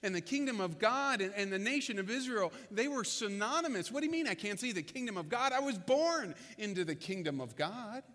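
A man's voice: sits high, a little fast, hardly any pauses, pushed and bright, big-room sound. A man voicing Nicodemus as a puzzled, learned man asking incredulous questions in a sermon retelling. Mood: bewildered. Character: puzzled learned adult male Nicodemus, bewildered.

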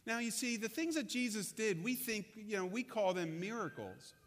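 High-voiced preacher in a reverberant hall. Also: male voice, expressive. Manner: conversational storytelling, with dramatic pauses. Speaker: pastor. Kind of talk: sermon.

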